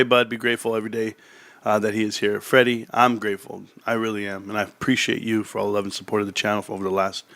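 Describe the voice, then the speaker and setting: A man's voice: mid-range voice, gravelly, sharp tone, no echo, clean studio sound. A man talking casually on his stock market livestream, rambling and heartfelt with many restarts, growing emphatic when he tells a story.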